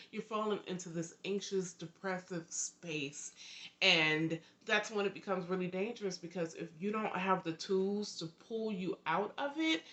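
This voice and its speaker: A young woman talking to her camera in an earnest, heartfelt way, often repeating words for emphasis. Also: lowish voice. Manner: earnest, emphatic repetitions, lively swings in loudness. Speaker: vlogger and author. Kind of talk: heartfelt direct-to-camera talk.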